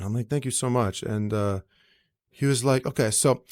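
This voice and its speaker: A young man, a guest in a casual interview, telling animated stories and acting out other people's voices, with lots of fillers. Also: mid-range voice, fairly quick. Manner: animated, acts out quoted voices, many fillers. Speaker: actor and entrepreneur, guest.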